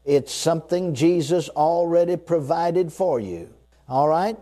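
A man preaches with a mellow, warm tone, driving each point home with emphatic repetition. His voice sits a little higher than most men's, and he leads his listeners to repeat short declarations after him. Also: animated, unhurried. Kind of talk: sermon.

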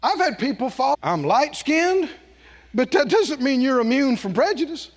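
A Southern preacher man with a drawl and a very high voice. His pitch swings widely as he preaches, and he laughs often and sinks to a low, soft tone on key words. He sounds like an older man. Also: normal speed, big-room sound. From American South. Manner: laughing, animated, drops low and soft for emphasis. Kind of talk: sermon.

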